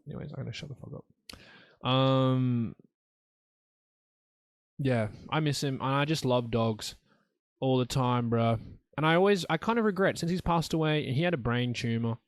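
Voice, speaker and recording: A man's voice: mid-range voice, animated, brisk, no room sound, studio quality. A young man hosting a solo podcast, talking in a blunt, profane, rambling way. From Australia. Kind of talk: rambling casual monologue.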